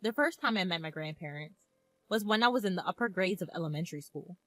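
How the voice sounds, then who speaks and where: A woman in her twenties narrating a first-person story in a calm, reflective manner. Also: on the low side, fast, dry recording. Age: 20s.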